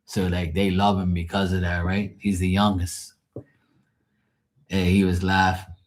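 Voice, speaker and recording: A man whose voice sits low speaks at a measured pace with a level tone. He hosts a live tarot stream in a casual storytelling style, spinning rambling family tales full of swearing and laughing asides.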